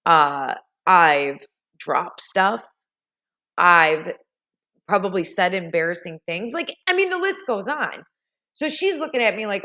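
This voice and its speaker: A woman's voice: lowish voice, lively intonation, a little slow, long pauses, sharp tone. A woman vlogger telling a rambling, self-mocking story in a casual voice-over.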